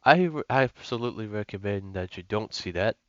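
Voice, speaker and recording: A man's voice: fairly low pitch, animated, brisk, no echo. A young man giving casual gameplay commentary as a gaming YouTuber, rambling with lots of fillers and restarts. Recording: lo-fi with music and mains hum.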